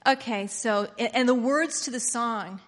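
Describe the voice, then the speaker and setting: A woman preaching a sermon, switching from hushed, confiding lines to loud, excited outbursts. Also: a little high, unhurried. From Pennsylvania. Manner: animated, swinging from hushed to loud exclamations. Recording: long hall reverb.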